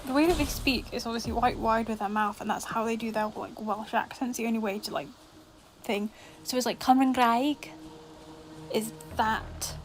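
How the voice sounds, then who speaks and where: A woman's voice: a little high, fairly even intonation, brisk, faint music behind, poor audio. A woman from Scotland chatting while she streams a game, over-pronouncing her words to mask a faint Scottish accent, with lots of fillers. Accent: faint Scottish, mostly hidden. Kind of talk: casual gaming stream chat.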